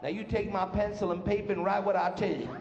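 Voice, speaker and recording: A man putting on the voice of a huge, bossy Southern highway patrolman in a slow, bullying drawl. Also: steady tone, a little mellow, highs cut off. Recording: roomy live hall with faint noise.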